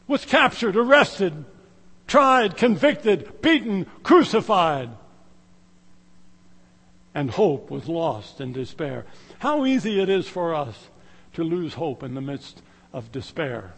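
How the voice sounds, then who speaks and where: A middle-aged male preacher delivering a sermon with a high, very animated voice. He swings from loud, emphatic exclamations to hushed, drawn-out phrases. His voice rings with the long reverb of a church sanctuary. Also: husky.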